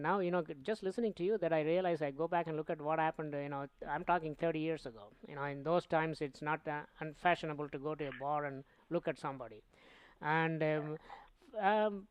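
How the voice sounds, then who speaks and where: Middle-aged indian-accented guy hosting radio, rambles and stumbles, smooth clear voice. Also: fairly high pitch, no echo. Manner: rambling, halting, with many fillers and restarts. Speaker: radio host. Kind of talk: interview.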